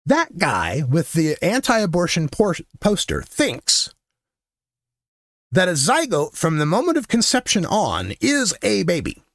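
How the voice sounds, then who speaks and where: Animated, blunt male host with a lively pitch. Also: unhurried, creaky, dry recording, studio quality. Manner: animated, rising to near-shouting when worked up, laughs between lines; profane and blunt. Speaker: podcast host. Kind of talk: casual storytelling monologue.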